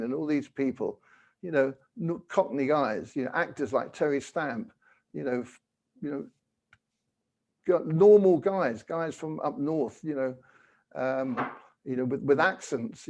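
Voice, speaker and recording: Older man telling stories, slightly high voice. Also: vocal fry, darkish tone. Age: 70s. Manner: rambling, anecdotal, full of "you know". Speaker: guest. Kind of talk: casual storytelling. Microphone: video call.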